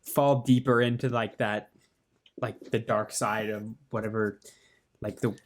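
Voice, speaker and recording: A man's voice: fairly low pitch, steady tone, a little slow. A young man on a casual podcast, easygoing and agreeable, often chiming in with short agreements. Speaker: podcast co-host.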